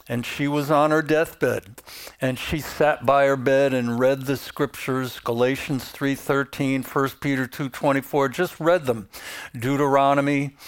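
Slow, smooth-voiced male Bible teacher. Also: medium pitch. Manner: storytelling with rhetorical questions; unhurried, repeats phrases for emphasis.

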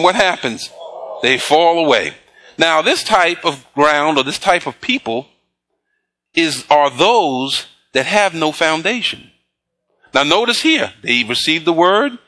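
A man preaching a sermon, reading scripture slowly and pausing to prompt the congregation with call-and-response questions. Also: high voice, bright, forceful tone. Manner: slow emphatic scripture reading. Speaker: pastor.

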